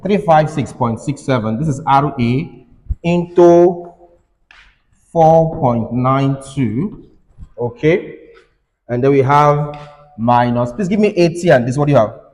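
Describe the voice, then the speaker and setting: Male lecturer, classroom lecture, mid pitch, repeats points, long hall reverb. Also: slow pace, long pauses, darkish tone. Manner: repetitive, urging students to listen. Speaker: engineering lecturer.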